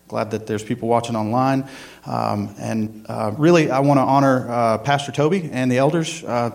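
A man's voice: mid-range voice, gravelly. A man, a church worship director giving a casual, rambling sermon with prayer and a joke, full of ums and uhs. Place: church sanctuary.

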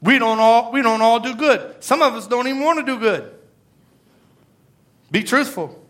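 A man's voice: very high voice, normal speed, long pauses, fairly bright tone. A middle-aged man preaching an earnest, emotional sermon with scripture readings. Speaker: pastor.

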